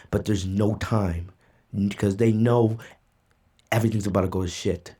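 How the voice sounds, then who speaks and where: A man hosts a casual reaction video from a home streaming setup, holding back tears as he walks through a manga chapter. His voice sits mellow and soft-edged, and he talks in a loose, rambling way, full of "you know" and "right?". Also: on the low side, fairly even intonation, normal speed, slightly rough. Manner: emotional, recaps events loosely with fillers. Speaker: manga reaction channel host.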